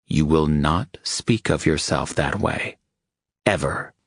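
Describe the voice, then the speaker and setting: A man's voice: a bass voice, slow pace, vocal fry, husky, no echo, clean studio sound, heavily acted. A man voicing a blunt, commanding, protective man who speaks firmly and seriously, with profanity, in an audiobook. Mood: reprimanding.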